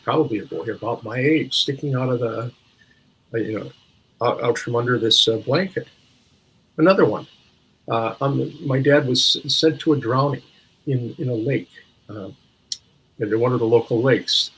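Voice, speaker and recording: An older man from Minneapolis, USA, guests on an interview show, reflectively recalling stories and often restarting as he searches for words. His mid-range voice is a bit bright and slightly rough, and the recording is low quality.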